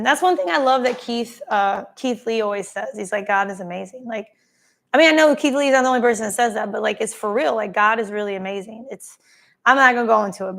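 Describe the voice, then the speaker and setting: A woman's voice: fairly high pitch, vocal fry, a bit bright. A woman hosting a casual live stream, effusively reading and thanking viewers' comments by name. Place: travelling, streaming from a holiday spot.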